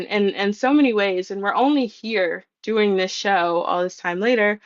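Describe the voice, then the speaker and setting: A woman co-hosting a casual chat, speaking earnestly with halting pauses. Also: medium pitch, no room sound, highs cut off. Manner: earnest, halting, with many ums and restarts. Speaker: podcast co-host.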